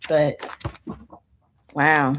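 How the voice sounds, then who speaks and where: A woman doing a chatty, rambling tarot reading, her voice going hoarse. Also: deep voice, little pitch movement, extremely slow, fairly bright tone, slight background noise. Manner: chatty, rambling, self-interrupting. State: losing her voice. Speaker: tarot reader.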